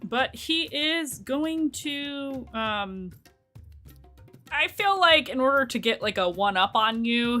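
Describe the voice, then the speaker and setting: A woman's voice: fairly high pitch, bright, forceful tone. A woman narrating a tabletop game as game master, hesitant and full of fillers.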